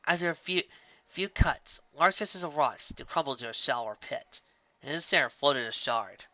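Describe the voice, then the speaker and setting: Man reading fan fiction, bright and dry. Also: fairly high pitch, lively intonation, a little fast, no echo. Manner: plain reading with slips and restarts. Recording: dull lo-fi recording.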